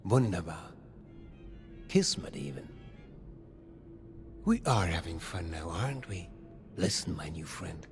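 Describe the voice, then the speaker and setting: Gravelly old German-accented ghoul overseer, silky and scheming, swings wide in pitch. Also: male voice, lively intonation, unhurried, pauses often, over music, exaggerated voice. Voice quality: gravelly, breathy half-whisper. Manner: silky, theatrical, faintly menacing. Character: old male ghoul vault overseer, smooth scheming businessman.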